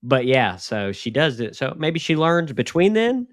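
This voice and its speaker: A young man co-hosting a casual chat at a middle pitch. He rambles in an animated way, full of fillers and quick asides. The recording is dry and close. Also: no room sound. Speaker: podcast co-host.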